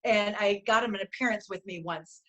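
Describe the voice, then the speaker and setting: A woman's voice: mid-range voice, fairly quick, sharp tone, highs cut off. A middle-aged woman co-hosting a casual talk show, telling stories in an effusive, rambling way. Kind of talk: casual chat.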